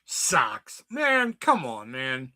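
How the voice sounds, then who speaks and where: A man's voice: medium pitch, wildly swooping pitch, extremely slow, pushed and bright. A man hosting a casual trivia night stream, joking and swearing freely with friends. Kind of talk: casual chat over a trivia game.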